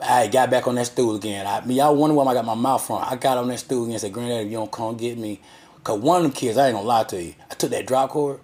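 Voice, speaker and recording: A man's voice: medium pitch, quick pace, hardly any pauses, darkish tone. A man telling a crude, profane, rambling story about his childhood.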